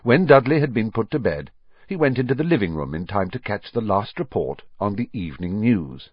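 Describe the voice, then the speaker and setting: A man narrating a storybook with lively, expressive storytelling, his pitch rising and falling widely as he shifts pace and volume. His voice is husky and sits slightly low, recorded close and dry with a somewhat dull, lo-fi tone. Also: fairly quick, dry recording. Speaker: audiobook narrator. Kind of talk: scripted narration.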